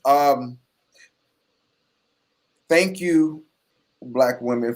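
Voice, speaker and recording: A man's voice: fairly low pitch, darkish tone. A man speaking as a panelist on a video call, earnest and often repeating his phrases.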